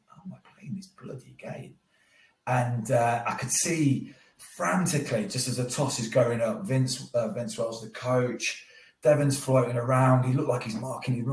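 A man, a former cricketer as podcast guest, telling a story in a lively way and acting out his own thoughts. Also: medium pitch, far from the mic. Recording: roomy sound, a bit off mic.

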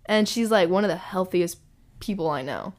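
A woman guesting on a podcast, joking playfully and swearing casually in relaxed chat. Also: lowish voice, normal speed.

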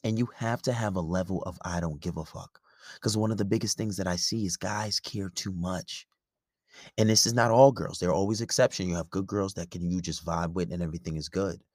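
A man's voice: deep voice, fairly even intonation, a little fast, darkish tone, dry recording, studio quality. A man hosting a podcast, delivering a dating-advice monologue in a preachy, emphatic, profane way, repeating his points. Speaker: podcast host.

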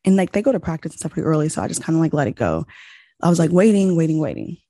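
Husky-voiced young woman telling a story. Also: sits low, racing, no room sound, clean studio sound. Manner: animated storytelling, acts out quoted exchanges, heavy use of "like". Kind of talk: casual chat.

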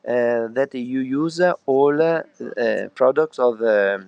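A man's voice: medium pitch, vocal fry, clear, resonant tone, dry recording, lo-fi sound. Italian-accented male chef, hesitant English full of fillers, dry close sound. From Italy. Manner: halting English with many fillers, hospitable. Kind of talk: remote interview.

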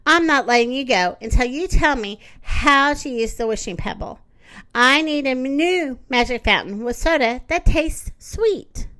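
A woman's voice: high-pitched, animated, a little slow, bright, forceful tone, full character voice. Woman reading storybook prankster, little long-nosed man, taunting, drawn out. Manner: taunting, mocking laughter.

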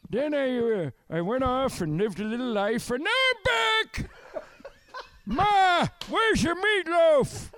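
A man putting on the voice of a demanding old man who still lives with his mother, drawn out and slow. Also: very high voice, sing-song, a bit bright, voice pushed up, full character voice. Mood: whiny.

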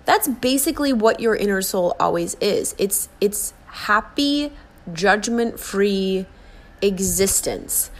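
A woman's voice: mid-range voice, animated, takes it slowly. A woman in her forties giving an earnest, coaxing motivational talk, acting out the kind and harsh inner voices she describes. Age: 40s. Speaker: self-help speaker. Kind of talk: motivational monologue.

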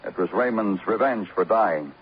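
An actor playing a shrewd detective who lays out a case in a calm, clipped, methodical way in an old radio drama. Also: male voice, lowish voice, normal speed, slightly rough. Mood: firm. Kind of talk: 1940s radio acting. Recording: muffled old radio broadcast.

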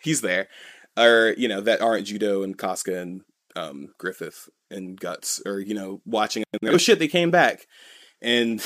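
A man's voice: lowish voice, fairly bright tone. A man co-hosting a podcast, recapping a comic in casual chat, rambling and full of "you know" and "like". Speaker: podcast co-host.

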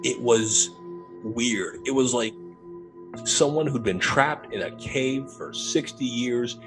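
Speaking slowly at medium pitch over music, a young adult man tells a ghost story from his work as a paranormal investigator. His casual telling is animated, with acted-out dialogue and laughs.

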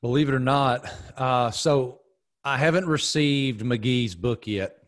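A middle-aged man from the American South hosts a podcast, casually chatting and storytelling with animated emphasis. He talks at a medium pitch and a slow pace.

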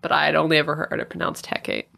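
A woman's voice: low voice, little pitch movement, racing, gravelly, bright, forceful tone, no room sound. A woman co-hosting a comedy podcast, giggly and sarcastic in casual banter. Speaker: podcast co-host.

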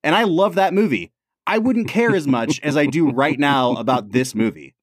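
A man's voice: on the high side, lively intonation, normal speed, dry recording, clean studio sound. A man co-hosting a podcast, chatting casually and emphatically and often laughing. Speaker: podcast co-host. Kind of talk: casual chat.

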